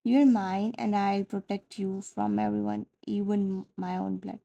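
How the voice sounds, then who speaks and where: A woman's voice: medium pitch, big pitch swings, measured pace, creaky, warm tone, heavily acted. A woman voicing a short-tempered young husband, delivering his lines sharply and clipped, in a fan fiction story. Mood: possessive.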